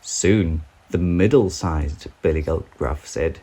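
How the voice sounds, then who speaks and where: A man reading a children's storybook aloud with an expressive, sing-song delivery. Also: lowish voice, takes it slowly, breathy edge, low-quality recording.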